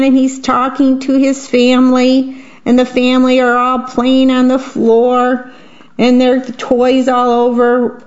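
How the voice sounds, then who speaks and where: A woman reading picture books aloud to children in a gentle manner, pausing to describe the pictures. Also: on the high side. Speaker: storybook reader. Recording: dull lo-fi recording.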